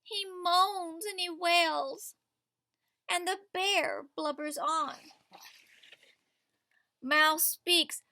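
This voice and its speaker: A woman's voice: extremely high pitch, steady tone, drawn-out words, long pauses, sharp tone. A woman teacher reads a picture book aloud to children. She reads with expression and stops to ask the children questions.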